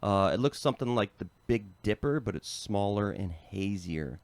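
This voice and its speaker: A man with an American accent co-hosting a casual podcast, a relaxed storyteller who reads passages aloud. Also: lowish voice, moderate pace, no room sound. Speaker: podcast co-host.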